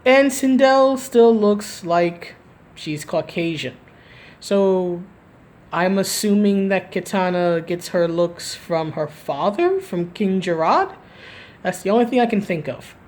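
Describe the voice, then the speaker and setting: Animated but slow-paced, this woman speaks in a medium-pitched, darkish voice. Recording live from home, she offers casual gaming-video opinions, rambling along, restarting her sentences and ending them with "right?".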